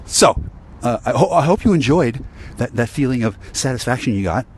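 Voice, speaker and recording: A man's voice: medium pitch, lively intonation, normal speed, a little hiss or hum. A man ranting in an angry, profane monologue to camera, rambling with stammered restarts and sighs, recorded outdoors on a city street. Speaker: vlogger.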